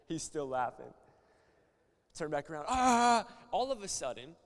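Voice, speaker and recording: A young male pastor from Florida preaching at a conference, moving from quiet stories to loud, passionate preaching. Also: a little high, animated, unhurried. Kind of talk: conference sermon with storytelling. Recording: long hall reverb.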